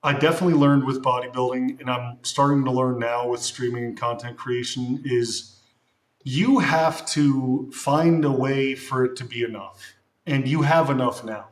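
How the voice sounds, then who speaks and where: A man's voice: medium pitch, steady tone, normal speed. A man and streamer who talks casually and reflectively, rambling with many restarts. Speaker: streamer and bodybuilder. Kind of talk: casual live-stream chat. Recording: echoey room.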